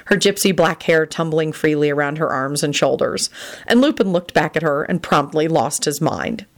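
A woman reading a romance story aloud in an expressive storytelling manner. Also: low voice. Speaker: reader.

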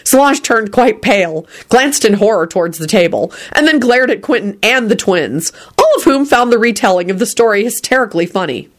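A woman's voice: mid-range voice, animated, a little fast, hardly any pauses. A woman reading a story aloud, telling it expressively. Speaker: reader.

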